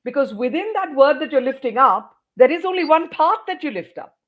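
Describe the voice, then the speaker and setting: A woman's voice: sits high, expressive, fairly quick, a bit bright. A woman educator answering interview questions, explaining points emphatically like a teacher and sounding out words. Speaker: educator and trainer, interview guest.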